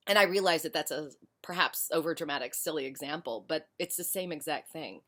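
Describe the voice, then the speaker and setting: A woman educator talking frankly and passionately about teaching practice in her own lower-pitched voice. She leans hard on key points and speaks emphatically. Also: a little fast, few pauses, bright, forceful tone. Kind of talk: casual spoken commentary.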